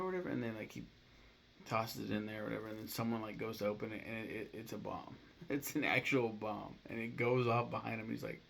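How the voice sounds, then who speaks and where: A young man with a gravelly voice chatting casually to camera, rambling, swearing freely and acting out scenes in quick voices. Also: on the low side, level tone, fairly bright tone, slight background noise. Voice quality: gravelly fry. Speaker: YouTuber ranking movies. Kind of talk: casual vlog chat to camera. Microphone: camera mic, talking to camera.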